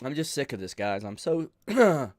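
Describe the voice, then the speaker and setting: A man hosting a channel, talking earnestly and emotionally to his viewers, pleading with them, sighing and pausing as he speaks. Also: mid-range voice, very animated, a little mellow, no echo, clean studio sound. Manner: emotional, pleading, with sighs and pauses. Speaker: channel host. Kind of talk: earnest heartfelt talk to viewers.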